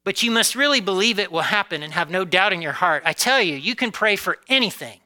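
A male pastor delivers a conversational sermon, stretching some words out slowly for emphasis and rushing through asides. His voice sits high and sounds very bright, smooth and clear. He keeps checking in with the room as he preaches. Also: lively intonation, low-quality recording. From United States. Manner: conversational preaching with frequent "okay?" and "right?" check-ins; occasional laughs, varies pace from drawn-out emphasis to quick asides.

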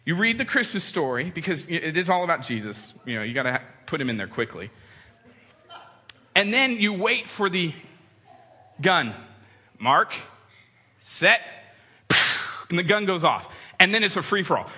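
A man in his thirties giving a humorous storytelling talk to an audience, animated and acting out quoted voices. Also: sits high, normal speed, long pauses, husky. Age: 30s. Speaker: speaker addressing an audience. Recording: long hall reverb.

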